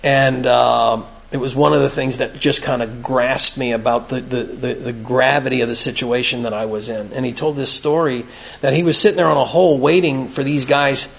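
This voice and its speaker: Gravelly earnest man telling stories. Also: mid-range voice, fairly even intonation, normal speed, a bit bright. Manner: earnest, storytelling, plain-spoken. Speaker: recovery meeting speaker. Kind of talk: conversational talk at a recovery meeting. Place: meeting room, evening gathering.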